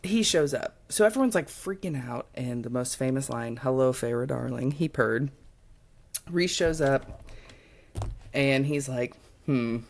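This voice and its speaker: A young adult woman co-hosting a book podcast, chatting casually and acting out characters in quick quotes as she retells the story. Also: very deep voice, lively intonation. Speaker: podcast co-host.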